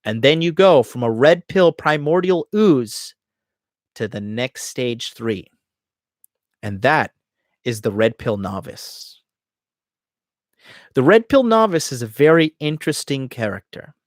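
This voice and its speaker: A man's voice: mid-range voice, expressive, unhurried, long pauses, no echo, clean studio sound. A man hosting a dating podcast, talking casually and emphatically to viewers, swearing freely. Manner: profane, emphatic, acts out inner voices.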